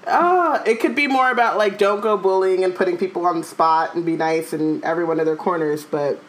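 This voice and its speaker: A woman co-hosting a casual chat, animated and jokey, talking in quick bursts. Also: lowish voice, rough recording. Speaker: podcast co-host.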